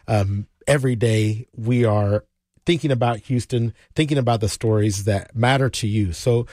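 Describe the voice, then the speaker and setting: A man's voice: fairly low pitch, moderate pace, dark tone, dry recording. A man co-hosting a public radio fundraising appeal in a studio, talking in an enthusiastic, chatty way.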